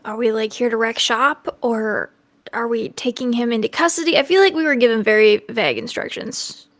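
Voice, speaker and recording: A woman at a tabletop game speaking casually and bluntly. Her voice sits a little high. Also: normal speed, fairly bright tone. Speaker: player.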